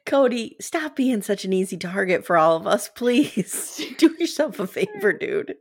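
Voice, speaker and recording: A woman's voice: mid-range voice, expressive, unhurried. A woman hosting a casual recap podcast, talking sarcastically and swearing freely. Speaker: podcast host.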